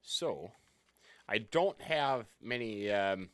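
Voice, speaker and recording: Lively-voiced male game streamer, chatty host who greets viewers by name. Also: on the low side, very slow, clean tone. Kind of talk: casual let's-play commentary.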